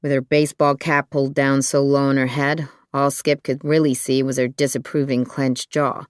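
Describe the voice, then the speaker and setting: An audiobook narrator reading a thriller in an even, measured storytelling manner. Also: mid-range voice, smooth, no echo, studio quality.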